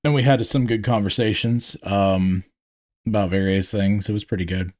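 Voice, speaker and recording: A man from North Georgia with a Southern accent, hosting a podcast in relaxed, rambling casual chat. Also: lowish voice, moderate pace. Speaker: podcast host.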